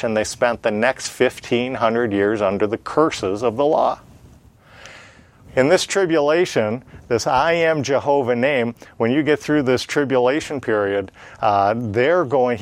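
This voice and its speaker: Man, mid pitch, Bible teaching, sermon style, rhetorical questions, emphatic repetition, filler sounds. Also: no room sound. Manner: frequent "uh" fillers, plain conversational delivery.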